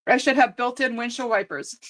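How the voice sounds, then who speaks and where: A woman host giving a live card reading, tearful and choked up, reading aloud with frequent pauses. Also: a little high, a bit bright. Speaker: intuitive card reader and host.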